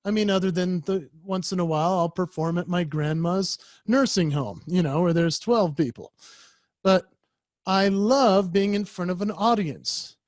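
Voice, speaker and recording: A man who is a professional speaker, telling a story in a lively keynote style and acting out voices and sounds over a video call. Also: sits high, a little slow, no room sound, clean studio sound.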